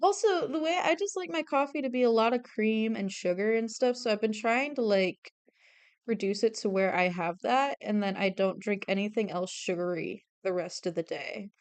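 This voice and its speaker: A woman's voice: medium pitch, normal speed, clear, resonant tone, no echo. A young woman streaming her drawing, chatting casually in a rambling, self-deprecating way and laughing often. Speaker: streamer and artist. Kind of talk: casual chat while drawing.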